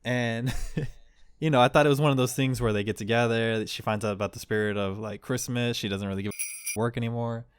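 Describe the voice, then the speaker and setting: A man's voice: medium pitch, fairly even intonation, a little fast, clean tone, dry recording. A man co-hosting a casual podcast, rambling through a story, laughing often and acting out the quoted lines. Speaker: podcast co-host. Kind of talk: casual chat.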